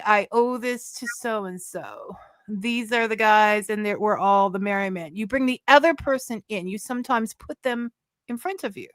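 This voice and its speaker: A woman's voice: on the high side, a bit bright, no room sound. A woman hosting a casual conversational podcast who speaks emphatically and laughs often. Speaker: podcast host.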